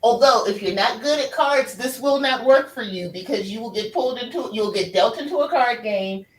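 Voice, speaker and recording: A woman's voice: a little high, moderate pace, far from the mic. A woman chatting casually on a stream, from the American South, laughing often and talking expressively. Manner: laughs a lot, lively and expressive. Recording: echoey room, voice off-mic.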